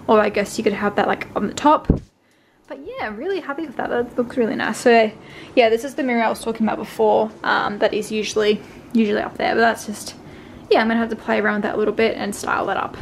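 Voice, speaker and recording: A woman's voice: on the high side, fast talker, creaky, a little hiss or hum. Gushing young woman vlogging from afar. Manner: gushing, filler-heavy, excitable. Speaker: fashion vlogger. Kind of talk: casual vlog chat. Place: her bedroom. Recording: echoey room, far from mic, music behind.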